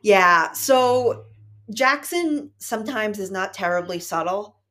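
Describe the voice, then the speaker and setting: A woman's voice: mid-range voice, expressive, slow pace, bright, forceful tone. A woman co-hosting a book discussion podcast, talking casually and analytically and reading passages aloud in a wry tone. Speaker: podcast co-host.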